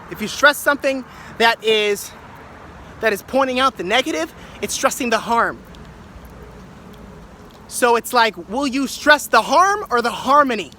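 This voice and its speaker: A man's voice: very high-pitched, lively intonation, a little slow, pauses often, bright, forceful tone, a little hiss or hum. A man musing aloud in a loose, improvised reflection, playing with words and often restarting his phrases. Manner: wordplay-driven musing with restarts and repetition. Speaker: speaker sharing reflections.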